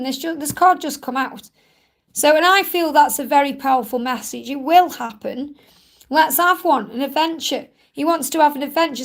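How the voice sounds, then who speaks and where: On a live stream, a high-voiced woman gives tarot card readings, hosting a Q&A where she reads viewer questions aloud. She is reassuring and repeats her points. Her voice sounds a bit croaky from overuse.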